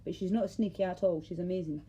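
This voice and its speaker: A woman's voice: on the low side, fairly even intonation, fast, dark tone, slightly rough, muffled recording. A Scottish woman ranting to camera in a heated, rambling way, swearing and cutting herself off mid-thought. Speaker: vlogger. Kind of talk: casual ranting monologue to camera.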